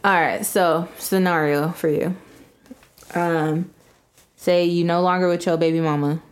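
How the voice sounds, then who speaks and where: A young woman co-hosting a casual podcast, her voice a little lower than most. She sounds laid-back and teasing, and she sets up hypothetical scenarios to get a rise out of her partner. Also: fairly even intonation, measured pace. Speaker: podcast co-host. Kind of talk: casual couple podcast chat.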